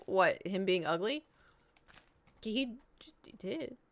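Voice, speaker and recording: A woman's voice: mid-range voice, slow. Lady in her 30s yappin on stream, rambly, lots of ums, does little voices for people in her story. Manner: rambling, filler-heavy, lively quoted voices. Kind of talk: casual storytelling chat.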